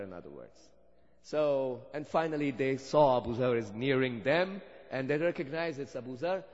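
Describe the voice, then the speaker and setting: Preacher with a long hall echo. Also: male voice, mid-range voice, lively intonation, normal speed, a little mellow. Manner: storytelling, rising to fervent emphasis. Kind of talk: sermon. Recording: dull sound with long hall reverb.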